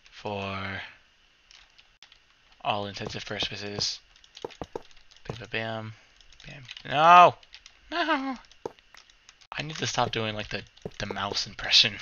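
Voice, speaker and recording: A man's voice: fairly low pitch, pushed and bright, dull audio, slight background noise. A man hosting a let's play, giving casual, rambling gameplay commentary, often correcting himself and humming little sound effects.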